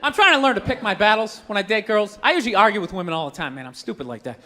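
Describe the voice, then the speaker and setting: A man doing a stand-up comedy routine, ranting and swearing in an animated way to a live audience. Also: high voice, rapid-fire. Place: large hall with an audience. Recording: echoey hall, faint crowd noise.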